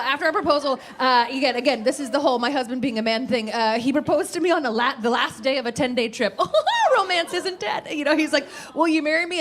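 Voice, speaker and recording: On a comedy club stage, a brash, high-voiced woman performs a stand-up set, profane and laughing through her punchlines. The live club recording carries crowd noise and audience laughter.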